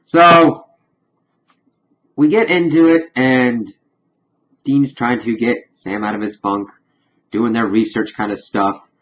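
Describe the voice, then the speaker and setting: A man talks through a TV episode in a loose, chatty recap at a mid pitch. He keeps slipping into brief acted-out asides. The recording sounds dull and lo-fi. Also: steady tone, fairly bright tone. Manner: chatty, retells scenes with quick acted-out asides. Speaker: TV episode reviewer. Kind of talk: casual recap vlog.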